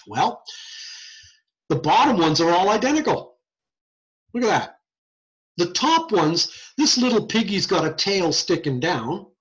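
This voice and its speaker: A man's voice: high-pitched, highs cut off. A man giving an informal, conversational lecture on hearing science, joking as he explains. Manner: lively, conversational, jokey. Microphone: screen-share recording.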